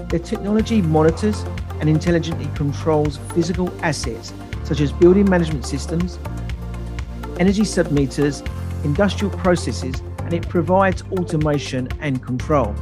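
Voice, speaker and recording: A man hosting a podcast interview, reading a scripted intro and then asking chatty questions. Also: on the high side. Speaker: podcast host.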